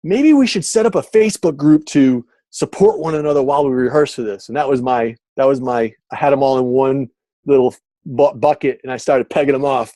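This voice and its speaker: A man's voice: mid-range voice, brisk, no room sound. A middle-aged man, speaking as a guest on a video call. He tells his story casually and acts out the voices of the people in it. The recording is dry and close, with no room sound. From Massachusetts, USA. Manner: animated, acts out quoted dialogue.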